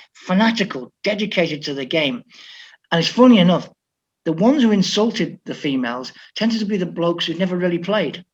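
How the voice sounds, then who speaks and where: An older man from Liverpool, a football coach, telling stories in an animated way with frequent restarts. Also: a little high, breathy edge. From Liverpool, England. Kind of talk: storytelling interview talk. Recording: dull lo-fi audio.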